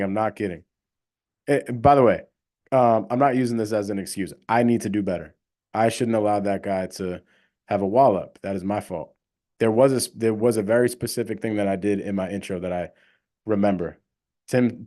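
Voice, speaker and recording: A man's voice: fairly low pitch, dark tone. A young man hosting a casual livestream, talking emphatically and rambling with lots of fillers. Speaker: livestream host, real estate wholesaler.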